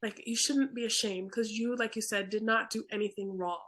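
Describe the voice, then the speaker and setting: A woman's voice: mid-range voice, fairly even intonation, a little fast, a bit bright. A young adult woman hosting a podcast in casual interview chat, chatty and stumbling over her words with lots of fillers. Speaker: podcast host.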